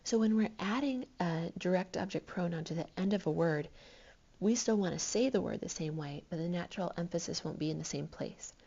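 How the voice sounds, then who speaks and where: A woman's voice: on the low side, lively intonation, a little fast, gravelly, mellow, dull audio. A woman teaching a recorded Spanish lesson to her students, patient and explanatory, counting syllables aloud.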